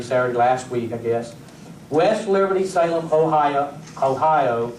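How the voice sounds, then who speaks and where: A man's voice: fairly high pitch, a little hiss or hum. A pastor preaching a sermon, telling stories animatedly and talking straight to his congregation. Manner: animated storyteller who acts out scenes, addresses the congregation directly. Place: church sanctuary. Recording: echoey church room, voice from a distance.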